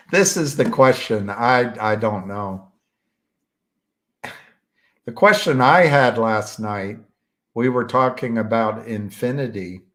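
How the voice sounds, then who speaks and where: A man chatting casually as a stream host, halting often and searching for words with many fillers. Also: medium pitch, fairly bright tone. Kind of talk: casual rambling chat.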